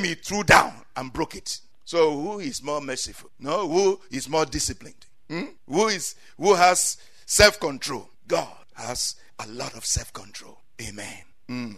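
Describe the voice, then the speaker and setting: A man preaching a sermon, swinging from quiet asides to loud cries and saying amen often. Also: fairly high pitch, lively intonation, measured pace, breathy edge.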